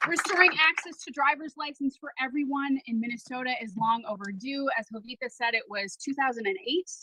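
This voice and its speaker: A woman's voice: sits high, fairly quick, heavy background noise. A woman, a mother and person of faith, giving an assured, rousing speech at a rally. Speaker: speaker at a political rally.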